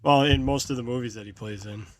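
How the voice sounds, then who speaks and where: A man's voice: mid-range voice, fast talker, dry recording. Rambling man in a dry podcast chat. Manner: rambling, trails off and restarts. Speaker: podcast co-host. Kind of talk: casual chat.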